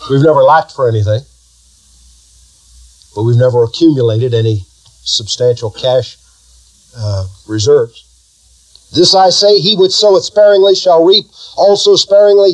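A man's voice: on the high side, a little mellow, poor audio. A male pastor preaching a sermon, building emphasis through repetition and leading the congregation in call-and-response.

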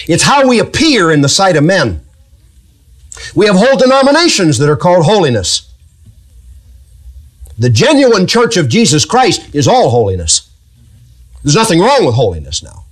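A pastor preaching a sermon, asking the congregation rhetorical questions. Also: male voice, high-pitched.

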